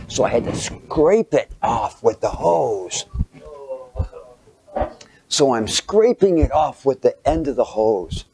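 A man giving a sermon through a childhood story, animated, sometimes dropping to a near whisper and putting rhetorical questions to his listeners. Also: medium pitch, creaky. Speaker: speaker.

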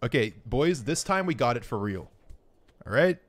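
A man streaming a game live, giving excitable, profane running commentary and talking to his chat. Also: mid-range voice, normal speed.

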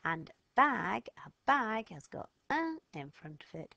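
A woman's voice: on the high side, very animated, slow pace, vocal fry, bright, forceful tone. A woman giving a step-by-step French lesson to children, patiently sounding out letters and words. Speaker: French teacher. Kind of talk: slow step-by-step lesson narration.

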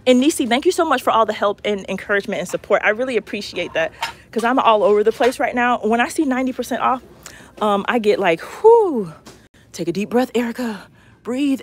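Woman live-vlogging in a store, higher voice, chatty, excitable, phone mic. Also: fast, slight background noise. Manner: chatty, excitable, talks to viewers. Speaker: shopping vlogger. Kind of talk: live-stream store walkthrough. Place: large retail store indoors.

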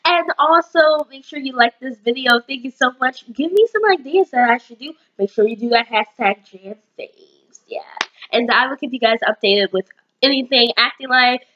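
A woman's voice: fairly high pitch, moderate pace, a bit bright, lo-fi sound. A young woman in her late teens chatting casually to camera with a bubbly, rambling manner and many fillers. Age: young adult. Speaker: vlogger.

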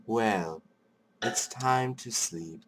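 A man voicing a calm, creepy, possessive father, reading the game dialogue in a soft, low, menacing tone. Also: very slow, noisy background. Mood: eerily gentle.

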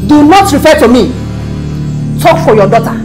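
A woman's voice: high voice, very animated, over music. A firm aggrieved Nigerian mother. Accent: Nigerian English. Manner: firm, measured. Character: aggrieved mother confronting a principal.

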